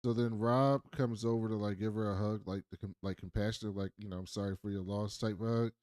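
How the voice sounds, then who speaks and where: A man's voice: on the low side, brisk, no room sound, clean studio sound. A man co-hosting a casual TV recap podcast, retelling scenes and acting out the characters' lines. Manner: animated storytelling, acts out characters' lines. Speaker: podcast co-host.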